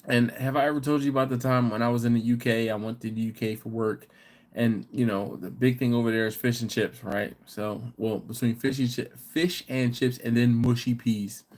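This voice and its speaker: A U.S. man who hosts a live barbecue channel talks casually on stream, reading out comments from viewers and telling rambling stories. He speaks at normal speed in a steady, medium-pitched, darkish voice.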